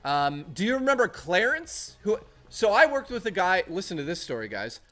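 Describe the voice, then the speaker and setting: A man's voice: high-pitched, very animated, moderate pace, sharp tone. Chatty streamer man, faint music. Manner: rambling, chatty, reads chat aloud. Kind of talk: casual live-stream chat.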